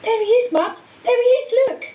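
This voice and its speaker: A woman doing a squealing excited little girl. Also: moderate pace. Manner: squealing, very high. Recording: echoey room, far mic, faint hiss.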